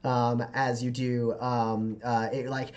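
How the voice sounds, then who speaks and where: A man at a middling pitch runs a tabletop game as game master. He describes scenes in a loose, halting ramble and leans constantly on fillers. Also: flat delivery, a little mellow, lo-fi sound.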